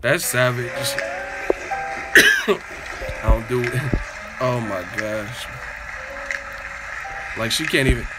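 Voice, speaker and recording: A man's voice: medium pitch, expressive, very slow, pauses often, loud music behind the voice. A man hosting a live stream, reacting to clips with profanity and laughter. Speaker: boxing channel host. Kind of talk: casual live-stream commentary.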